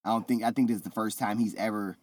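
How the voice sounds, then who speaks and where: A man co-hosting a casual wrestling podcast, telling stories in an animated way and acting out what people said. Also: on the low side, fast. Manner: animated storyteller, acts out quotes. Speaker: podcast co-host.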